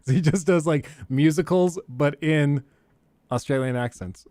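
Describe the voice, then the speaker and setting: A man's voice: on the high side, unhurried, darkish tone, no room sound. A young man hosting a live stream, chatting casually with viewers in a rambling, joking way and laughing often.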